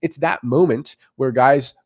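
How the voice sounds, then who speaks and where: Animated young man coaching on dating. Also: mid-range voice, a little slow. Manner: animated, acts out quoted lines, swears casually. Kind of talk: casual coaching monologue.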